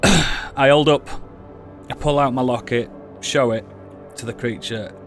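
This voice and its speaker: A man's voice: mid-range voice, steady tone, measured pace, soft background music. A man, a player in a tabletop game who talks for his character and swears freely.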